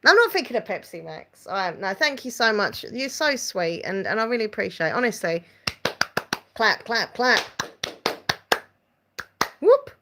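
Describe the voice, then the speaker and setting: A woman's voice: medium pitch, big pitch swings, a little fast, few pauses, heavy background noise. A woman with an Essex accent, hosting a casual live stream, rambling and reading out viewer comments. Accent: Essex English. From England.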